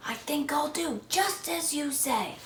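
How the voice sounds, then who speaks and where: A woman's voice: high-pitched, a little slow, creaky, reverberant, far from the mic, voice pushed up. A woman reading a storybook aloud and voicing a male rabbit with a very sore throat, in a strained, whispery voice. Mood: hoarse, polite.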